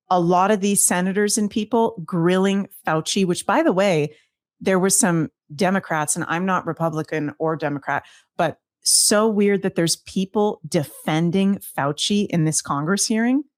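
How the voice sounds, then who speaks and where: A woman co-hosting a casual chat show, talking in an animated, incredulous, rambling way. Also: lowish voice, moderate pace, no echo, clean studio sound. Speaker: podcast co-host.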